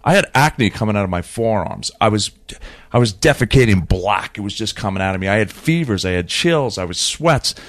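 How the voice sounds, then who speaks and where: A man on a podcast, talking casually as an animated storyteller who often repeats and restarts his words. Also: fairly low pitch, brisk. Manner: animated storyteller who acts out quoted dialogue. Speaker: podcast guest. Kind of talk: casual conversation.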